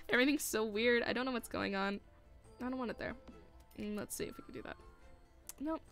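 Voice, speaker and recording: A woman's voice: fairly high pitch, expressive, moderate pace, a bit bright, soft background music. A woman streaming a building game, scolding the furniture in exasperation and laughing often between complaints. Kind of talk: live gameplay commentary.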